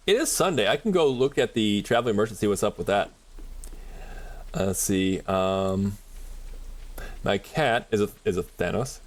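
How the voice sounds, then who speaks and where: A man streaming a game, chatting casually and rambling with frequent laughs. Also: fairly low pitch. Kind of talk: casual chat while gaming.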